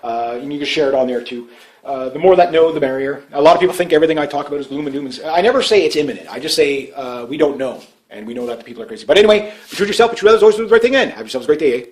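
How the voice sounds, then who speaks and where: A Canadian man rambling through casual commentary on his channel, full of fillers and restarts, his voice often trailing off quietly. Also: on the high side, racing, rough recording. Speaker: vlogger.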